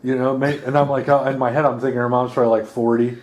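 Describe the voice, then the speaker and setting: A man's voice: mid-range voice, little pitch movement, fast, darkish tone. Man in his thirties, casual rambling chat. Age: 30s. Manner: rambling, swears, laughs often. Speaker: podcast co-host.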